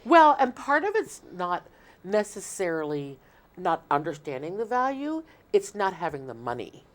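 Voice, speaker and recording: A woman's voice: on the low side, very animated, moderate pace. Earnest Midwestern woman explaining at length. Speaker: shelter marketing manager, guest. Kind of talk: casual interview talk.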